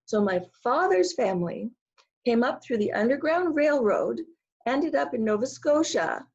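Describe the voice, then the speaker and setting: Canadian woman guest, gravelly and husky, earnest and deliberate; dull lo-fi call audio. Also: on the high side, animated. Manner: earnest, measured, slows down for emphasis. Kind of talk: conversational interview.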